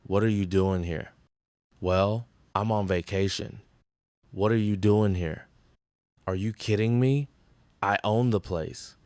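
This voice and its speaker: An actor playing a breezy, glad-handing middle-aged hotel owner in a sitcom. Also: male voice, on the low side, slow pace, long pauses, darkish tone, no echo. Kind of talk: sitcom acting.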